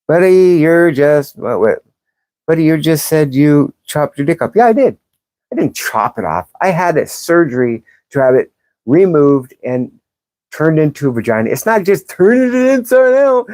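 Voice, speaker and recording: A woman's voice: deep voice, very animated, normal speed, darkish tone, no room sound. A woman hosting a livestream, reading chat comments and answering them in a blunt, profane, sarcastic way. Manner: combative, sarcastic, calls out commenters. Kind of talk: live-stream commentary.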